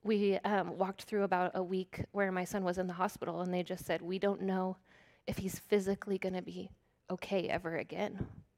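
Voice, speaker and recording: A middle-aged woman preaching a sermon, earnest and candid, laughing at herself now and then and dropping into soft, breathy whispers for emphasis. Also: on the low side, little pitch movement, moderate pace, few pauses.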